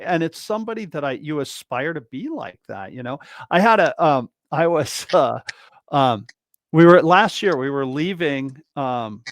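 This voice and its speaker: A man hosting a casual drummers' chat, telling stories in an animated way with many restarts. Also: fairly high pitch, no room sound, studio quality. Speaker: host, drummer.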